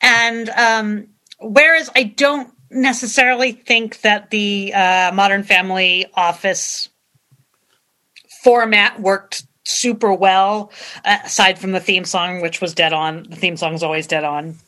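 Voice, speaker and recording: A woman co-hosting a casual TV review chat, emphatic and quick to exclaim. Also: mid-range voice, steady tone, pushed and bright. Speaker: podcast co-host.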